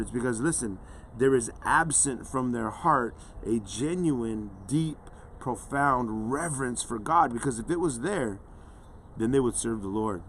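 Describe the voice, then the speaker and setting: A man preaching a short devotional in a relaxed, conversational way, steadily earnest and peppered with "man" and "right." His voice sits in an ordinary middle range. A faint hum runs under the recording. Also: mid-range voice, a little slow. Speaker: pastor. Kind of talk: devotional sermon.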